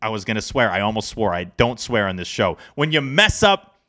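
A man co-hosting a sports podcast, talking in a casual, animated, rambling way. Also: fairly low pitch, brisk. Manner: animated, rambling, self-deprecating. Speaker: podcast co-host.

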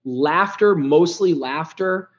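A middle-aged man, a podcast guest, telling his story candidly and bluntly, with lots of swearing and big swings between loud and soft. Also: a little high, takes it slowly, muffled recording. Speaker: podcast guest, business founder.

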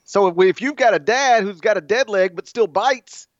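Male podcast co-host, 30s, slightly high voice, animated and quick to laugh, dull lo-fi mic. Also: no echo. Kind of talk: casual sports chat. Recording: dull, lo-fi sound.

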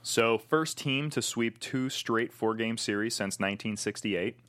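A man's voice: medium pitch, unhurried, a bit bright. A man co-hosting a casual sports chat, steadily feeding in stats and questions. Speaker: podcast co-host.

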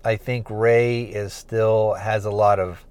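A man's voice: fairly low pitch, steady tone, slow, a little mellow, clear, resonant tone, no room sound. A man hosting a podcast, recapping a TV episode in a loose, rambling way with lots of fillers like "kinda" and "you know". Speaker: podcast host reviewing a TV series.

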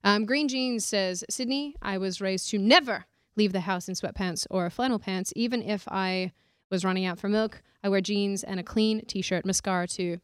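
A woman's voice: mid-range voice, normal speed, smooth, no echo. Woman, casual podcast co-host, reads viewer comments, laughs often, dry sound. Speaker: co-host reading super chats. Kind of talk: casual chat.

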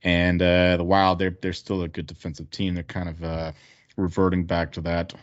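A man's voice: low voice, monotone, moderate pace, dry recording. A man co-hosting a sports betting podcast, talking casually and rambling a bit. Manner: casual, rambling, full of ums and uhs. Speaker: podcast co-host. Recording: dry dull lo-fi audio.

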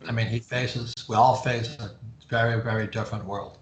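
An older man, an author guest in a casual interview, talking in a slow, musing way that trails off quietly. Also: medium pitch, level tone, roomy sound, dull audio, crowd noise.

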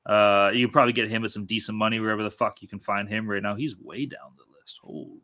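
A man's voice: fairly low pitch, fast, bright, forceful tone. A man hosting a podcast in casual sports betting chat, loose, profane and hyped-up. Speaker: podcast host.

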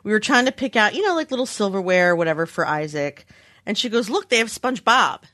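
A woman's voice: medium pitch, very animated, fast, fairly bright tone, no echo. A woman co-hosting a podcast in casual chat, teasing and playful as she tells stories. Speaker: podcast co-host.

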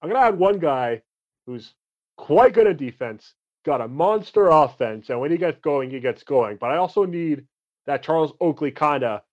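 A man's voice: on the high side, normal speed. A man hosting a casual sports podcast, joking and restarting his sentences as he makes his picks. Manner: relaxed, joking, restarts often. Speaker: podcast host. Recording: dull lo-fi audio.

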